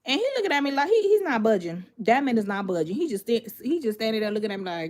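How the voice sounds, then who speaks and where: With a slightly high voice and a fast delivery, a woman vlogger recounts a personal story to her audience, animated and emphatic. She repeats phrases and breaks off into asides, and there's a little hiss or hum in the recording.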